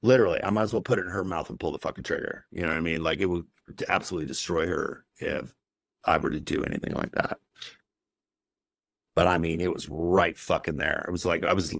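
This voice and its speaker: Gravelly low-voiced man telling his story. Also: a bit bright, no room sound. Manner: heavy swearing, raw and emotional. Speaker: podcast guest. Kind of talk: candid personal storytelling.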